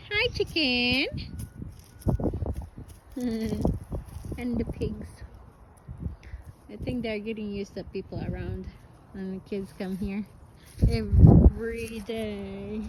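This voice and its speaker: A woman from the Philippines narrates a casual farm visit, coaxing the animals in a sing-song way. Her voice sits very high and she speaks slowly. It's recorded outdoors with plenty of animal and traffic noise behind her. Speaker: vlogger and parent.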